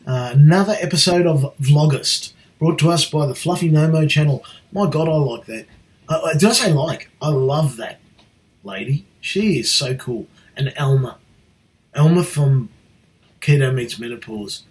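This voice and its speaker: A man's voice: on the high side, expressive, moderate pace. A middle-aged Australian man in a cheeky, jokey casual vlog, swearing lightly as he chats. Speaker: vlogger.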